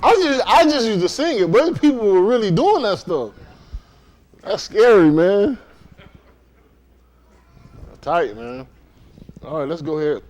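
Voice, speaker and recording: A man from Miami leading a congregation, moving between prayer and lively, joking talk with loud exclamations, recorded in a synagogue hall during a livestream. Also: high-pitched, unhurried, pauses often. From Miami, Florida. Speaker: congregation leader. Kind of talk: casual sermon talk and prayer.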